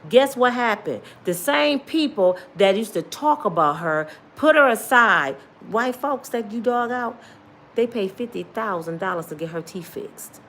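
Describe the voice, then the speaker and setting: A middle-aged woman preaches her testimony with fervor. She repeats herself and calls out to her listeners in a call-and-response way. Her voice sits a little high. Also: animated, measured pace, fairly bright tone. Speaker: motivational testimony speaker.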